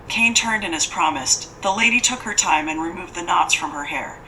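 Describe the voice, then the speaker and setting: A woman giving a steady, measured scripted horror narration as an audiobook narrator. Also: fairly low pitch, a little hiss or hum, poor audio.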